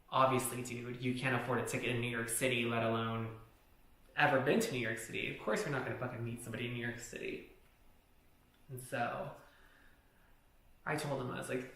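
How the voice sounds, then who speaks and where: A man's voice: mid-range voice, little pitch movement, fairly quick, gravelly, pauses often, a bit bright. A man vlogging a personal story in casual, rambling talk, swearing often and saying "like" a lot. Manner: profane, rambling, heavy use of "like". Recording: echoey room.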